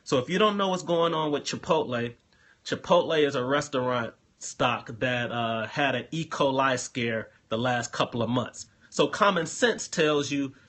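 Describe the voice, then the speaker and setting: A man with a bright, forceful voice and a husky grain explains things to his viewers in a live phone stream. He talks loosely and directly to them and often circles back and repeats words as he goes. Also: mid-range voice, normal speed. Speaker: host answering trading questions.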